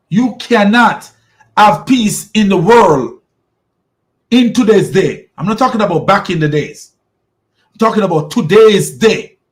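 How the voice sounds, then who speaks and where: High-voiced preachy man. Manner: emphatic and preachy, slowing down to stress key words; repeats and restarts words often. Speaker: podcast host. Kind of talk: religious commentary monologue.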